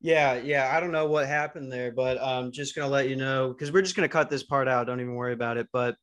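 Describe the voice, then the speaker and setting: A man from Arizona hosting a podcast over an online call, cracking deadpan, crude jokes in casual banter. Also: mid-range voice, fast talker. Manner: joking, deadpan crude humor. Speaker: podcast host.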